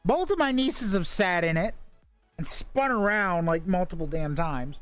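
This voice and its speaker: A man's voice: sits high, lively intonation, measured pace, fairly bright tone, clean tone, soft background music. A man running a tabletop game over voice chat, joking and swearing, stalling with lots of uh's. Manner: profane, joking, hesitant with many fillers. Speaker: game master. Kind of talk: casual tabletop game narration.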